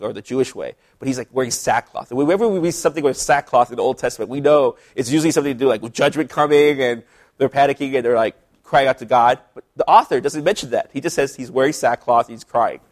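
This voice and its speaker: Laid-back man teaching Bible study. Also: mid-range voice. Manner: relaxed and chatty, many fillers and asides. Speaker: pastor.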